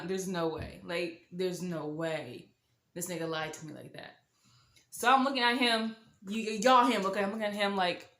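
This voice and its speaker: A woman's voice: mid-range voice, normal speed, pushed and bright. Young woman, sassy storytime vlogger with dramatic asides; roomy, echoey sound. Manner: sassy, dramatic, slangy, mock-shocked asides. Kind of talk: animated storytime monologue.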